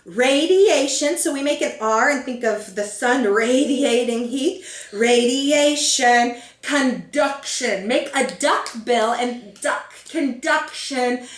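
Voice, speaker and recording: A young mother leads a children's lesson in a high, bright voice, half talking and half singing each line. Her pace is slow and deliberate. The sound bounces around an echoey room. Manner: sing-song, encouraging, speaks then sings the lines. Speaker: homeschool teacher and mother. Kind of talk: children's lesson with sung memory work.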